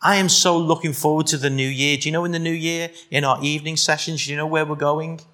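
Here the Liverpool preacher sounds fairly high and sharp, talking fast with fairly even intonation. The middle-aged man still lobs rhetorical questions at the congregation and adds teasing remarks in his Scouse accent.

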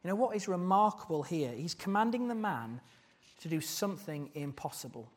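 A man's voice: high-pitched, big pitch swings, moderate pace. A man preaching a sermon, earnest and putting questions to the congregation.

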